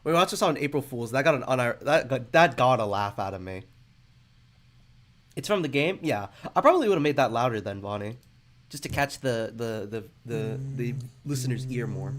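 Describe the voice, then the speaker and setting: A man's voice: medium pitch, expressive, normal speed, fairly bright tone. A man casually commenting on videos in a rambling, hesitant way, laughing often, with music playing behind him. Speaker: reaction video host.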